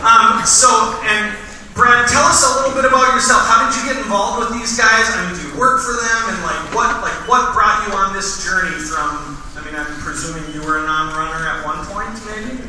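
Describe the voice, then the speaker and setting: High-voiced man interviewing in a hall. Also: normal speed, bright, forceful tone, far from the mic, a little hiss or hum. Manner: chatty, addresses the audience. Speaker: interviewer at a church event. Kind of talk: onstage interview. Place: large echoey hall. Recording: echoey hall recorded from afar.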